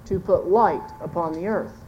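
A woman's voice: lowish voice, moderate pace, dark tone, muffled recording, a little hiss or hum. A woman giving a folksy, earnest sermon-style talk to a church congregation, pointing to a chart and correcting herself as she goes. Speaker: church speaker teaching with a chart.

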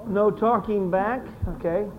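Brisk teacher repeating answers in class. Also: mid-range voice, steady tone. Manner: brisk, encouraging, repeats students' answers aloud. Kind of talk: leading a classroom discussion. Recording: dull lo-fi classroom recording.

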